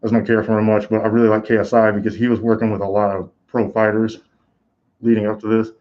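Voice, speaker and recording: A male host with a fairly low voice does live reaction commentary, rambling casually through his thoughts with plenty of fillers and restarts. He talks fast in a flat delivery. The audio is dull and lo-fi, like a basic home microphone.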